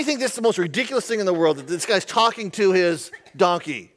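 A man's voice: high voice, expressive, fast, hardly any pauses, fairly bright tone. A male pastor giving a humorous, conversational sermon, often asking the audience questions.

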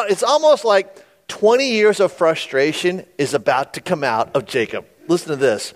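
A man's voice: fairly high pitch, big pitch swings, moderate pace. A man preaching a sermon, retelling scripture with folksy, conversational asides to his listeners. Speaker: pastor.

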